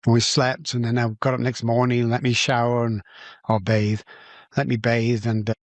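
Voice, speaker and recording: A middle-aged man from England with a Manchester accent tells his life story as a podcast guest, animated and acting out the dialogue. His medium-pitched voice has little pitch movement, he talks at a normal speed, and there's no echo.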